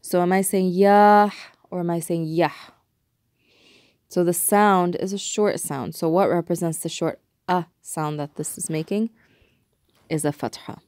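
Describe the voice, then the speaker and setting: A woman teaching a recorded language lesson, patiently explaining step by step and repeating example words slowly. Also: fairly low pitch, steady tone, darkish tone, no echo, studio quality.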